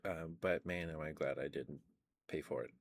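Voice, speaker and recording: A man streaming low-energy ASMR chat from home into a close microphone, tired and losing his voice, talking softly in a relaxed, rambling way. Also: normal speed, vocal fry, dry recording. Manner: soft, relaxed, rambling talk. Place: at home, indoors. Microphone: ASMR microphone with cover.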